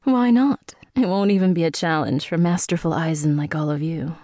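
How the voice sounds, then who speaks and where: A woman voicing a manipulative female elder who is ancient and calculating, speaking in a smooth, persuasive way in an audiobook. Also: low-pitched, moderate pace, warm tone, dry recording, studio quality, lightly acted. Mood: coaxing.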